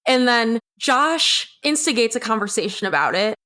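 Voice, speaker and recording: A woman's voice: on the high side, very animated, moderate pace, bright, forceful tone. A young adult woman, a guest on the show, recounting a personal story in a blunt, candid way and swearing freely. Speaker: podcast guest.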